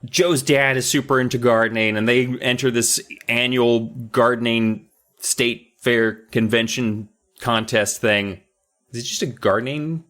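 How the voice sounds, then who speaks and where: A man's voice: mid-range voice, fairly even intonation, measured pace, fairly bright tone. A man co-hosting a podcast, recapping a book in casual, rambling, jokey chat with some swearing. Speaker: podcast co-host.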